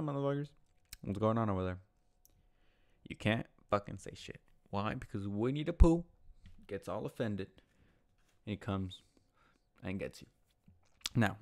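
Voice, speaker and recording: A man's voice: fairly low pitch, expressive, moderate pace, vocal fry, long pauses. A man hosting his own online show, delivering a heated, profane rant from home with lots of swearing and repetition. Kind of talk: profane ranting monologue.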